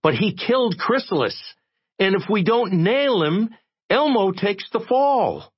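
A man doing a high, pushy, stubborn guy. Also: sing-song, unhurried, slightly rough, heavily acted. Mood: insistent. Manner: blunt, pushy. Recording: dry, dull lo-fi recording.

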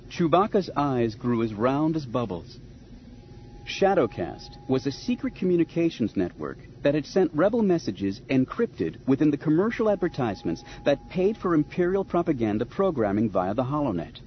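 A man narrating an audiobook in a measured, expressive storytelling manner. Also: mid-range voice, dull audio, slight background noise. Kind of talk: scripted narration.

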